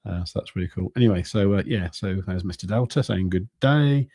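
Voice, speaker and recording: Male host, fifties, deep mellow voice, meandering live-stream chat. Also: no echo, studio quality. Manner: rambling, halting, with many restarts and fillers. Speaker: crypto trading channel host.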